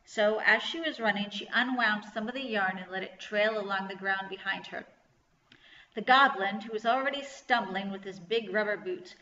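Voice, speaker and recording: Bright-voiced woman reading a children's story. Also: mid-range voice. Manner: clear, lively storytelling. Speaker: children's librarian. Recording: echoey room, slightly dull sound.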